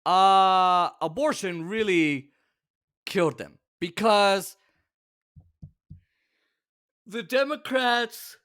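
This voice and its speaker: A man hosts a political commentary show, opinionated and sarcastic, his exasperation spilling into sudden shouts. His voice sits high and is expressive and smooth, and he takes his time.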